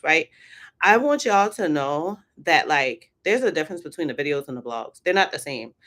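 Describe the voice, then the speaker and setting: A grown woman talks straight to her viewers in a loose, sassy livestream chat, calling them y'all. Her voice is bright and forward. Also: low voice. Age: adult. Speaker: HR content creator and host.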